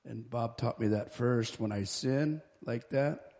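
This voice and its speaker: A man in a church study group, sharing his own reflections in a halting way. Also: medium pitch, a little mellow.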